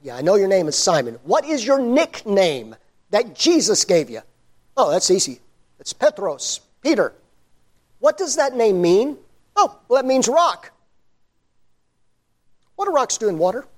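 A man's voice: high voice, big pitch swings, unhurried, pauses often, pitched above the performer's own voice, full character voice. A man acting out an impulsive, anxious apostle's comic inner self-talk, which climbs to a panicked yelp. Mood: nervous.

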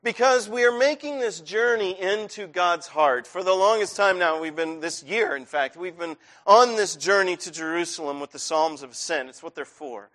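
A middle-aged man delivers a sermon in a church with a notably high voice. He speaks conversationally, pressing harder at times, as a pastor addressing his flock. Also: normal speed, few pauses, a bit bright. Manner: conversational, rising to intense. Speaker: preacher.

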